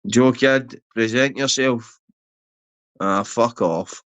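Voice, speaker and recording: A man with a Scottish accent rants on a livestream, foul-mouthed and insulting, rambling as he addresses chat members by name. His mid-range voice is a little bright and he speaks slowly.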